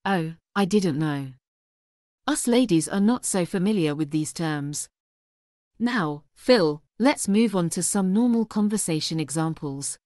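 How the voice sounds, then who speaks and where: A woman's voice: fairly low pitch, expressive, a little slow, a little mellow, no echo, studio quality. A woman hosting an English lesson, asking a guest polite, encouraging questions. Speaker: host.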